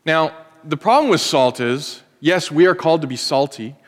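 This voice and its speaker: A man's voice: fairly high pitch, expressive, moderate pace, in a large hall. A man in his forties preaching a sermon, conversational and joking, speaking as a pastor to his congregation.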